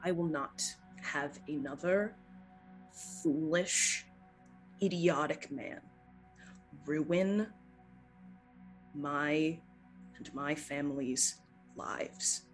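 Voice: mid-range voice, extremely slow, pauses often, faint music behind, rough recording. A game master voicing a stern older grandmother who gives cold, commanding threats.

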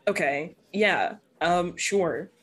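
A woman's voice: on the low side, animated, very slow, a bit bright, slightly rough. A woman acting as game master of a tabletop game, narrating casually with many fillers.

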